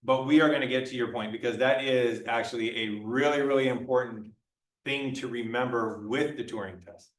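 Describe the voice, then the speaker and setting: A man's voice: medium pitch, steady tone, moderate pace. A male lecturer giving a conversational classroom talk, acting out little dialogues as he explains. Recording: echoey room, mic far off.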